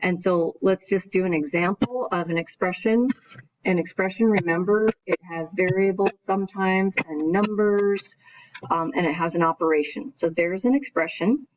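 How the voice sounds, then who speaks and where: A woman's voice: on the low side, normal speed. A woman math teacher giving a recorded video lesson, explaining each step in order and often checking in with "right?". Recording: dull lo-fi recording.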